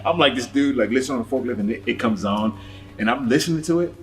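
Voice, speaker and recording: A pastor telling his story in a casual church talk show, animated and laughing often. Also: mid-range voice, fast talker, soft background music.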